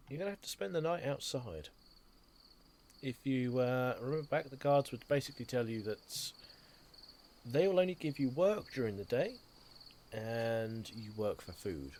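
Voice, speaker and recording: Man, game master, low pitch, relaxed narration. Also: a little hiss or hum. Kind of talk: narrating a tabletop game and voicing characters.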